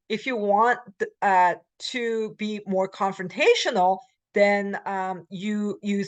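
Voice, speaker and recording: A woman professor giving a recorded language lecture. She explains with many fillers and acts out example phrases. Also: medium pitch. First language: Korean. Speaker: college Korean language professor.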